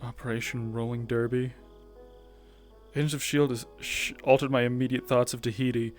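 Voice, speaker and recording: A man's voice: mid-range voice, little pitch movement, normal speed. Man, casual roleplay streamer, rambling, laughing, faint background music. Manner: loud, rambling, laughing to himself.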